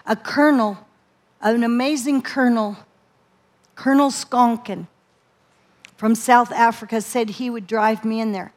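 A woman preacher telling her testimony in a sermon, animated and laughing often as she tells it. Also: fairly high pitch.

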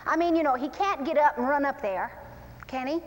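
High-voiced woman preaching in a hall. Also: brisk. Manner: animated, acts out scenes with shifting pace. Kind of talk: sermon-style Bible teaching.

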